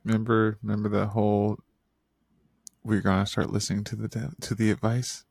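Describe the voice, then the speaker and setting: A man's voice: lowish voice, little pitch movement, moderate pace, vocal fry, a little mellow, no echo. A man hosting a podcast in a casual chat, easygoing and teasing, often laughing. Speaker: podcast host.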